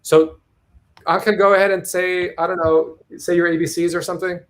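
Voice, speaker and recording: A man's voice: high-pitched, little pitch movement, a little fast. A man hosting a casual live stream over a video call, chatting and thinking aloud. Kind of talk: casual chat.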